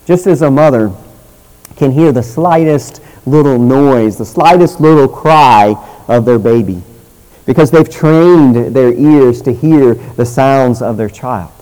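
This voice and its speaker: A man preaching a sermon in an earnest teaching tone. He slows down for emphasis and lets his phrase ends fall soft. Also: mid-range voice, low-quality recording.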